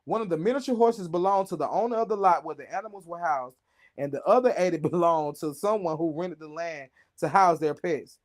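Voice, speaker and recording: Joking high-voiced man hosting. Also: fairly quick. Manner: joking, stumbles over names, laughs mid-sentence. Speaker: show host. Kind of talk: casual news reading with commentary.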